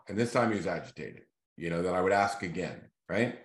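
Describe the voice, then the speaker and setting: A man hosting a casual video series, telling a fishing story in a loose, animated way and acting out the voices of the people in it. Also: low-pitched, a little fast. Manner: animated storyteller who acts out quoted voices. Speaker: real estate team leader hosting a video series. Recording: echoey room.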